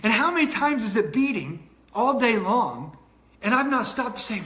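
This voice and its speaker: A man with a rather high voice leads a motivational livestream. He talks earnestly and repeats himself, stopping to greet viewers by name as he goes. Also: sing-song, moderate pace, fairly bright tone, a little hiss or hum. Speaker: online coach.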